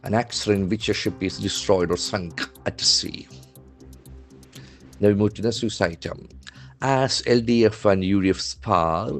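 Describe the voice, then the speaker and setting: A man teaching vocabulary from a newspaper. He speaks slowly and deliberately, spelling words out letter by letter. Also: on the low side. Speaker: English language trainer.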